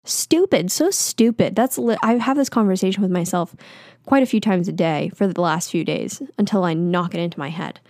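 A woman's voice: on the low side, normal speed, darkish tone, dry recording, clean studio sound. Candid chatty young woman podcaster. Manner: candid, self-deprecating, chatty with many fillers. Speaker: podcast host. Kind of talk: casual solo podcast monologue. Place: home. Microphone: podcast microphone.

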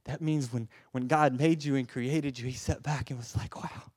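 A man preaching a sermon with passion, swinging from loud urging to a soft hush and often stammering and repeating words. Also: medium pitch, fairly even intonation, normal speed, slightly rough, no echo, clean studio sound.

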